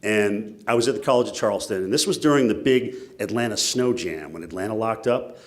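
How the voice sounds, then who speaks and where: Animated man telling a story on stage. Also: fairly low pitch, a little fast. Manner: animated, self-mocking storytelling. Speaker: keynote speaker. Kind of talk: storytelling keynote speech.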